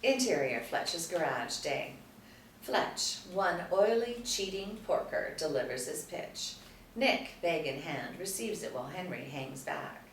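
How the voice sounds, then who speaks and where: A woman with a very low voice reads the action lines at a screenplay table read, narrating the stage directions steadily and plainly at a measured pace. She sounds far off in a roomy space with a faint hum underneath, and her reading never shifts from its even tone.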